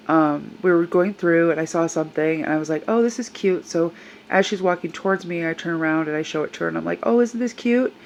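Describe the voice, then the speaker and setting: A woman's voice: deep voice, slight background noise, rough recording. An older woman tells a personal story in a vlog, earnest and upset as she recounts what happened. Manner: upset, earnest retelling with quoted voices. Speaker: service dog handler.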